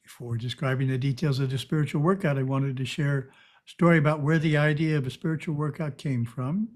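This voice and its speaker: A man giving a calm, measured spiritual teaching talk over a video call. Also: a little high.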